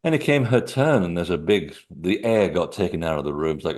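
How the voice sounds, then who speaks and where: Animated low-voiced man. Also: a little fast, few pauses. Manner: animated, laughing storyteller. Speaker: guest speaker, author on sacred sites. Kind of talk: storytelling in a webinar talk.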